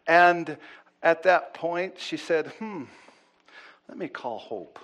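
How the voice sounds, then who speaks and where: A man preaching as a pastor, telling a story with lively acted-out quotes and swings between loud and hushed delivery. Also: fairly high pitch, slow, long pauses. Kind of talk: sermon storytelling.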